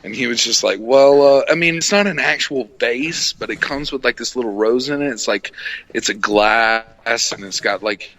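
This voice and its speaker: A man's voice: mid-range voice, moderate pace, fairly bright tone, poor audio. A man telling a crude story in casual podcast chat, voicing both sides of the exchanges he describes. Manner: crude, laid-back storytelling with quoted exchanges.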